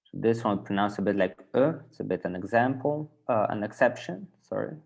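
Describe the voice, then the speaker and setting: A man with a Dutch accent teaching a Dutch class online, patiently repeating words slowly for learners, with a native Dutch speaker's English. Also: fairly low pitch, big pitch swings, gravelly, darkish tone.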